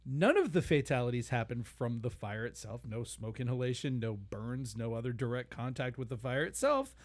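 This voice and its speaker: A man's voice: mid-range voice, moderate pace. A man co-hosting a comedy podcast, telling a history story in a casual, laughing way with goofy voices. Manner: animated, laughing, puts on silly voices. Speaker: podcast co-host.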